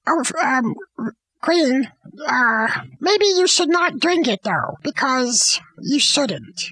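A woman's voice: big pitch swings, slow, pushed and bright, no room sound, exaggerated voice, poor audio. A woman voicing a scheming, sulky old king in a comic retelling, in a grumpy, mumbling manner. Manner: mumbling, grumpy, lower put-on voice.

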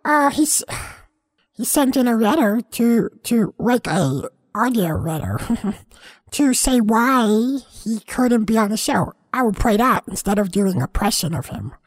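A woman's voice: on the high side, lively intonation. A woman doing a rambling, dim boy host. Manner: rambling, halting, easily sidetracked. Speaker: podcast host. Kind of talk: comedy podcast character.

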